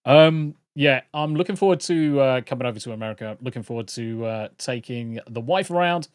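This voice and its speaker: A man's voice: mid-range voice, fairly quick, clean tone, no room sound, studio quality. A British man hosting a livestream, chatting casually to viewers in a rambling, jokey way and swearing freely. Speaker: livestream host.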